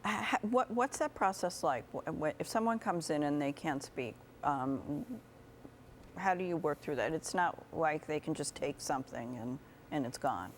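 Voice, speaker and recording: Low-voiced female TV host. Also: animated, moderate pace, slight background noise. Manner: hesitant questions with fillers. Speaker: TV talk show host. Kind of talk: TV interview.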